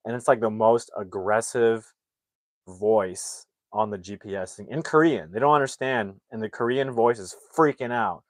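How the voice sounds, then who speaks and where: Low-voiced man rambling through a plot. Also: moderate pace, no room sound. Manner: rambling, with many fillers and restarts. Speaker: film reviewer. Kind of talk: casual plot retelling.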